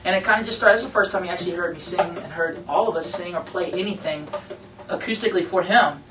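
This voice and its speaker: A man, a band member, telling a story to radio hosts in a lively, slangy storytelling manner. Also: sits high, fast. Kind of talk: casual storytelling interview. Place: radio station conference room. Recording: roomy room, mic at a distance, faint noise.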